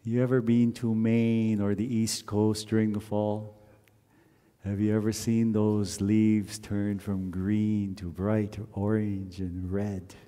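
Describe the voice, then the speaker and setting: A man from Canada leading a wedding ceremony, telling stories in a gently reflective way and now and then chanting verses. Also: on the low side, little pitch movement, slow. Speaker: wedding officiant. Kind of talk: wedding sermon with sung verses. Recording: long hall reverb.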